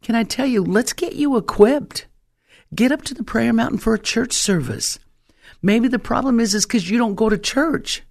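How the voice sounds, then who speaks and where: A woman pastor preaching a fervent, exhorting sermon, her voice leaping up in pitch for emphasis. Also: creaky.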